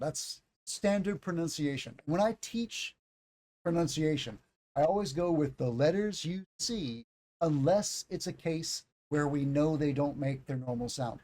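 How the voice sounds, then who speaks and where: A man with a fairly high voice teaches English pronunciation live. He spells out sounds slowly and with care, cracks small jokes, and sounds a bit congested in the nose. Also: darkish tone. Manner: explains slowly, demonstrates sounds, jokes and laughs. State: slight sinus congestion. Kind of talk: live-streamed English lesson.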